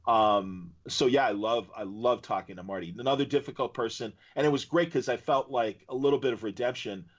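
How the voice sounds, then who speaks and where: Podcast host guy from chicago, animated, tells stories w/ little impressions, lo-fi sound. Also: mid-range voice, fairly quick. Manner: animated storyteller who slips into impressions. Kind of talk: casual chat.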